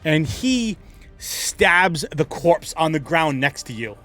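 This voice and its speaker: A man narrating a tabletop game as game master, animated and quick to laugh. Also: on the high side, soft background music.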